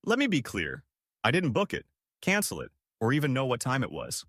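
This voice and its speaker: A man's voice: mid-range voice, wildly swooping pitch, fairly quick, fairly bright tone, no room sound, studio quality. A man giving scripted narration of reader-submitted stories in a wry storytelling manner.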